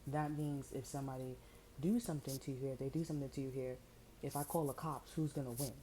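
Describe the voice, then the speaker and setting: A woman's voice: very deep voice, fairly even intonation, fast, dark tone, slight background noise, poor audio. A woman tarot reader in slangy, rambling casual chat, amused and full of fillers. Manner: amused, breaks into laughter.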